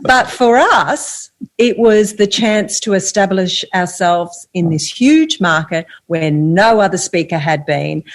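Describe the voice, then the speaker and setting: A woman's voice: medium pitch, slow. An older woman, a guest author telling a story steadily in an interview.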